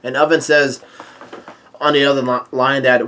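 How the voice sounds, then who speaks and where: A man reading through a manga chapter aloud in a casual, halting way, with many fillers and restarts and frequent chuckles. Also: mid-range voice, level tone, pushed and bright. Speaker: manga reader and commentator.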